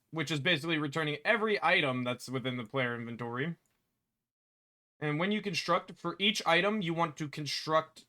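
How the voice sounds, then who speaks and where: A man walks through his game code out loud, pausing, muttering and correcting himself as he goes. His voice sits a little high and sounds bright and forward. He is recorded indoors at his computer. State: hiccuping. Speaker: game developer. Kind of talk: thinking aloud while working.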